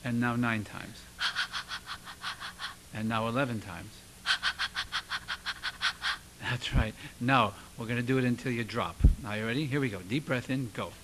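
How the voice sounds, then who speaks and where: A man's voice: medium pitch, normal speed, very noisy. A male voice teacher giving a singing lesson, encouraging and demonstrating sounds for his student. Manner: encouraging, coaching with vocal demonstrations. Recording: loud piano music behind.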